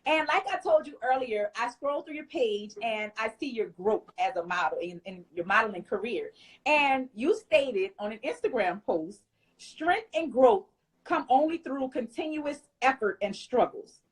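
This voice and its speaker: A woman's voice: on the high side, expressive, unhurried, low-quality recording. A woman hosting a talk show who asks interview questions and praises her guest encouragingly.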